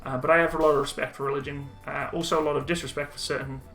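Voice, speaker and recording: A young man casually reading and answering viewer chat on a live stream, relaxed and chatty with frequent ums and laughs. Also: a little high, rapid-fire, faint music behind.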